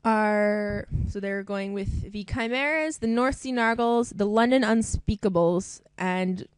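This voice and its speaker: A woman's voice: mid-range voice, measured pace, clean tone, no echo. A young woman presenting a sports group draw in a casual, chatty way, laughing often between team names. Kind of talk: casual live announcing.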